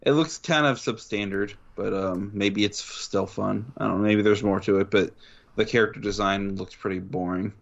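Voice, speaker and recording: Low-voiced man cracking dry jokes. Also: steady tone, normal speed, creaky, muffled recording. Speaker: podcast co-host. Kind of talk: casual gaming news chat.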